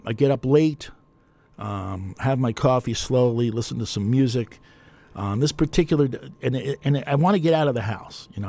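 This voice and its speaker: A man's voice: medium pitch, vocal fry, warm tone. An older man with a New Jersey accent, telling a long, digressive story in a chatty, self-mocking way as a radio host. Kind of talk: rambling storytelling monologue.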